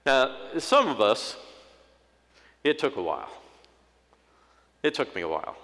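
A man's voice: mid-range voice, sing-song, measured pace, gravelly, fairly bright tone. Conversational man preaching in a hall. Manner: conversational preaching with asides and quoted inner voices. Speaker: pastor. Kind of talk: sermon.

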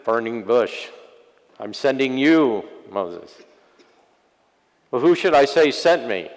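A male pastor preaching a sermon with wry, sarcastic asides, swinging from loud passages to very quiet ones. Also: mid-range voice, expressive, slow, in a large hall, low-quality recording.

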